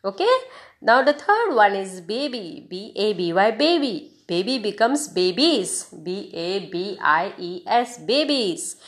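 A woman hosts a podcast English lesson, slowly spelling words out letter by letter as she teaches grammar and encourages her listeners. Her voice is medium in pitch with big pitch swings and a slow pace.

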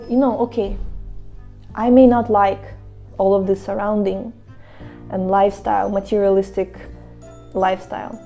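Lively woman from Russia giving a spiritual talk. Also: medium pitch. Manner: animated storytelling, acts out quoted voices. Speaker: devotional speaker. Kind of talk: casual spiritual talk to viewers. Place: Mayapur, India.

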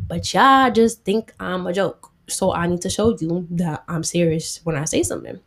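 A woman's voice: on the low side, lively intonation, normal speed. God as a slangy, no-nonsense parent , voiced by a woman. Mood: firm, fond. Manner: casual slang, firm and matter-of-fact. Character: God, a stern but loving father figure.

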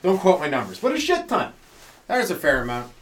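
A man's voice: high-pitched, huge pitch swings, fairly quick, reverberant, far from the mic. A man doing a loose, profane comedy podcast monologue, full of rhetorical questions. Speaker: stand-up comedian podcast host.

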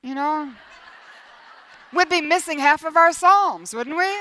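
High-voiced earnest woman preaching. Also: measured pace, pushed and bright, slight background noise. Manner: earnest, with quoted prayers acted out. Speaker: Bible teacher. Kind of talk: sermon.

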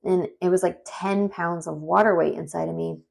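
A woman in her thirties, her voice fairly low with vocal fry, tells her own story at a moderate speed. She chats away animatedly, wanders into asides, and uses many fillers.

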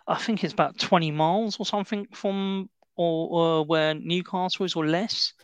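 A man's voice: sits high, steady tone, moderate pace, clean tone, no room sound. A British man chatting casually about a film, explaining with asides and restarts. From Britain.

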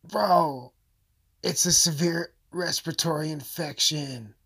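A man's voice: fairly high pitch, slow pace, fairly bright tone, slightly rough. A man delivering a rambling, profane comedic rant as a vlogger, full of asides and swearing.

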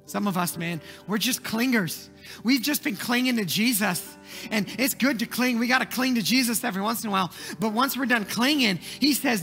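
High, gravelly preacher man. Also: brisk, faint music behind. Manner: dramatic storytelling, swinging from hushed to shouting. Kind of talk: sermon.

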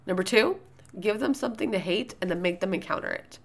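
A loud-voiced woman hosting a podcast, giving writing tips in casual, rambling solo talk with plenty of fillers and restarts. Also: mid-range voice, quick pace, vocal fry.

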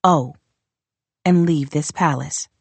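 A woman voicing a proud northern warrior queen who speaks in a measured, formal and quietly contemptuous way. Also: low voice, creaky, breathy edge, dry recording, exaggerated voice. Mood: cold, demanding. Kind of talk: audiobook character reading.

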